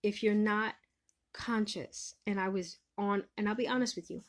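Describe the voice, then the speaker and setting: A woman, a life coach talking casually to camera, swinging between loud venting and a hushed, breathy calm. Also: mid-range voice, unhurried. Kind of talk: casual vlog monologue.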